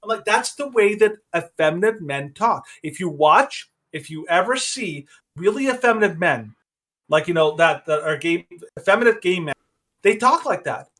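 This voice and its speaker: A man's voice: high voice, animated, normal speed, a bit bright. A man hosting a podcast, giving rambling, opinionated commentary with frequent restarts. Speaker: podcast host.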